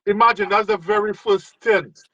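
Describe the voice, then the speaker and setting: Relaxed male host, dull dry sound. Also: sits high, moderate pace, slightly rough, no room sound. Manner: relaxed, encouraging, hesitant restarts. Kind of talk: casual interview chat. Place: overseas, remote.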